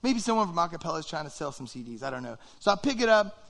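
A pastor giving a conversational, animated sermon, acting out little quoted reactions. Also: male voice, fairly high pitch, fast, creaky.

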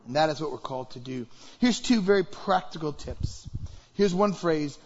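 A man's voice: fairly high pitch, lively intonation, normal speed, darkish tone, muffled recording. A male pastor preaching a conversational sermon to his church, acting out short example conversations. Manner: conversational, acts out example dialogues.

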